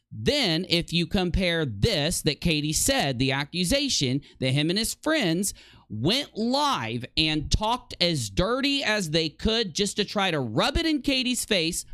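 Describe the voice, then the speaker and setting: A man's voice: a little high, a bit bright, no echo, studio quality. A man delivering indignant commentary as a vlogger, emphatic and accusatory, repeating points for effect.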